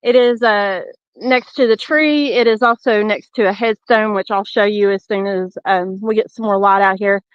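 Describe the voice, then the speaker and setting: A woman's voice: medium pitch, fairly even intonation, moderate pace, clear, resonant tone, no echo, lo-fi sound. A woman with a Southern US accent giving a casual walking tour outdoors, talking while she films on her phone. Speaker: tour guide.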